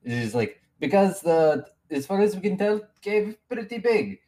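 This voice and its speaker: A game master voicing a male adventurer, speaking in clipped, halting, broken phrases. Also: mid-range voice, big pitch swings, mellow, slight background noise, voice pushed up, close to an everyday voice. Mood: earnest. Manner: halting, formal and earnest. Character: male adventurer planning a wyvern hunt.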